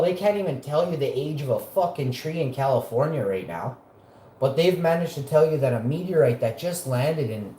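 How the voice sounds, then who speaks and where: A man's voice: mid-range voice, mellow, a little hiss or hum. Profane ranting man in a roomy room. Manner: profane, combative, mocking. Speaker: live show host. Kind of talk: ranting live monologue. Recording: roomy echo.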